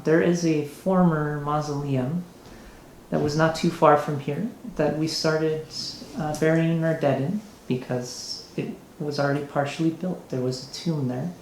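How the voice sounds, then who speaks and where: A man's voice: fairly high pitch, a little mellow, slight background noise, lightly acted. A man voicing a flamboyant, giddy male nobleman mayor in a tabletop game, speaking in an ingratiating way, recorded in an echoey room.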